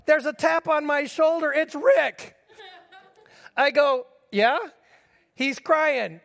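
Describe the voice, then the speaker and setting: High-voiced preacher in a reverberant hall. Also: male voice, slow, creaky, a bit bright. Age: middle-aged. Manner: storytelling preacher addressing the congregation directly. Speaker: pastor. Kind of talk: sermon.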